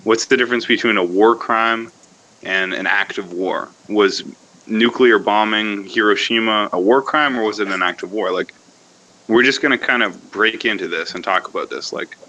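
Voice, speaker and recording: A man's voice: fairly low pitch, normal speed, bright, forceful tone, dull audio, a little hiss or hum. A man hosting a casual podcast discussion, lecturing in a rambling way that thinks aloud, with fillers and restarts. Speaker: podcast host.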